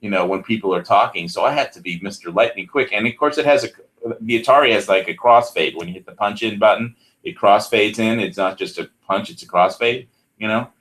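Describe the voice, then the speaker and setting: A man in casual chat, a recording engineer who rambles excitedly and trails off mid-sentence. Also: on the low side, fairly quick.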